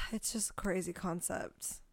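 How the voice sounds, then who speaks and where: A woman's voice: on the low side, fairly even intonation, measured pace, vocal fry, no room sound. A young woman co-hosting a podcast in casual chat, blunt and crude and joking. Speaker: podcast co-host.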